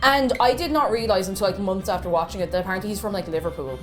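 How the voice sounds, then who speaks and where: A woman's voice: mid-range voice, rapid-fire, over music. An Irish woman chatting casually on a cooking stream, rambling with lots of fillers. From Ireland.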